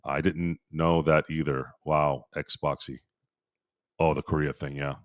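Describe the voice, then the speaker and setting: A man's voice: very deep voice, flat delivery, a little slow, dry recording, studio quality. A man hosting a casual sports live stream, rambling and repeating himself as he answers viewers' comments. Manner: rambling, repeats himself, talks to chat by name. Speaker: sports podcast host. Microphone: streaming microphone.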